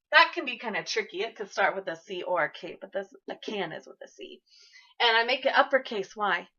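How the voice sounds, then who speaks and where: A woman's voice: on the high side, bright, forceful tone. A woman teacher giving an early-grade classroom lesson in an encouraging, sing-song way, talking to young children, in a classroom on a dull lo-fi recording.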